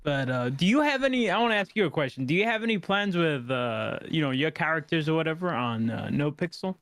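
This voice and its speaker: Podcast host: easygoing, slightly high male voice, dry and close. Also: expressive, brisk, fairly bright tone, dry recording. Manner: loose, profane, reflective. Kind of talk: casual podcast chat.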